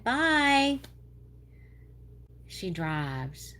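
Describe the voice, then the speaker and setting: A woman from Louisiana with a North Louisiana Southern accent, hosting a livestream and chatting casually with viewers in a rambling way. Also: on the low side. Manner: chatty, rambling, with y'all and drawn-out words. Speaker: livestream host. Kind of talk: casual chat reading viewer comments.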